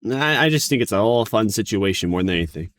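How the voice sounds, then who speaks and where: A man's voice: on the low side, lively intonation, quick pace, a bit bright, no echo, studio quality. A man streaming a reaction to a video, talking casually in a mocking, rambling way full of restarts.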